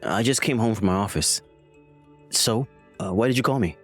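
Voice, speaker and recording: A man reading the messages of a defensive, lying adult son in a text-message story, with soft music behind him. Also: on the low side, expressive, moderate pace, breathy edge. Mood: casual. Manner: defensive, dismissive.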